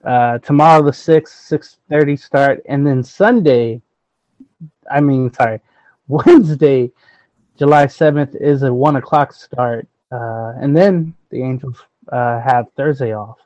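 A man's voice: medium pitch, steady tone, a little slow, darkish tone, no echo. Hesitant man on a dull, dry mic. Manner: hesitant, many fillers, thinks aloud. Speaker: sports podcast co-host. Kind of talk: casual baseball chat.

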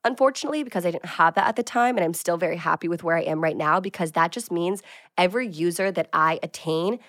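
A woman's voice: lowish voice, fast talker, a bit bright, no room sound, clean studio sound. A woman in her twenties hosting her own show, chatting casually and upbeat through business tips, with lots of filler words. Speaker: fitness creator and show host.

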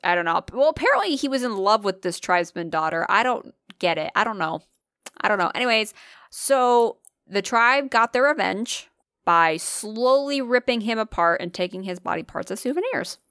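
A woman's voice: mid-range voice, lively intonation, moderate pace, a bit bright, clean tone, no echo, clean studio sound. A young woman co-hosting a casual podcast, telling ghost stories in a chatty way, swearing and laughing often. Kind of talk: casual chat.

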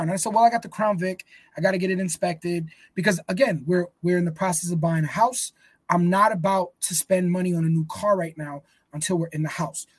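A man's voice: high-pitched, slightly rough, no echo. A man co-hosting a podcast in casual chat, rambling and swearing freely. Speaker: podcast co-host.

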